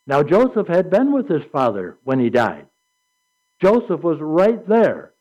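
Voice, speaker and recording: A man preaching a sermon with an animated delivery, reading scripture aloud and acting out quotes. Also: a little high, unhurried. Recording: dull lo-fi recording.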